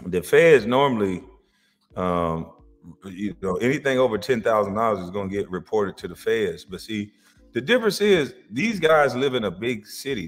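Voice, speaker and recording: Animated guy reacting to clips, kinda low voice, echoey hall sound. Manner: animated, laughing, swings from loud to muttered. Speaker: reaction video host. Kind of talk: casual reaction commentary.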